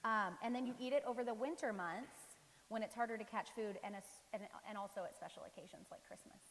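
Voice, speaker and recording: A woman's voice: on the high side, fast, in a large hall, slight background noise, poor audio. A woman giving a casual, conversational sermon in a church, often restarting with fillers. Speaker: preacher.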